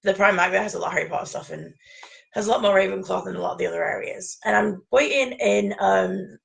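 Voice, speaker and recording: Woman chatting, super gravelly fry in her voice, rambly and laughing a lot. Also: mid-range voice, quick pace, poor audio. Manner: animated, rambling, laughs often. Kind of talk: casual chat, anecdote storytelling.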